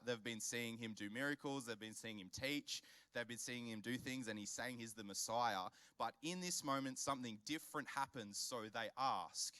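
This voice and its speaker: A man's voice: medium pitch, pushed and bright, dry recording. A young man with an Australian accent preaching a conversational, earnest youth sermon, often repeating words as he builds his point. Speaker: youth pastor.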